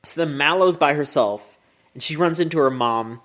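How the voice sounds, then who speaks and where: Podcast co-host, mid-range voice, excitable recap with swearing, remote call mic. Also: normal speed. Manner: animated and swearing, pitch jumping up when excited. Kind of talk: casual chat, recapping an anime episode.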